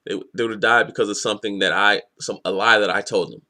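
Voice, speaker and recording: A man's voice: lowish voice, steady tone, fast talker, pushed and bright. A man voicing a defiant young male pirate in a casual, blunt way while retelling a comic.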